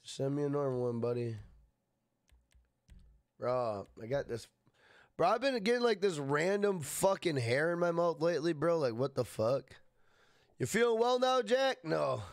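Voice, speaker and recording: Man streaming a game, casual chat, fairly high voice, dry close sound, laid-back, swears a lot. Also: big pitch swings, measured pace, pauses often, no echo. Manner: laid-back, swears freely, greets chatters by name. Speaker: gaming live-streamer.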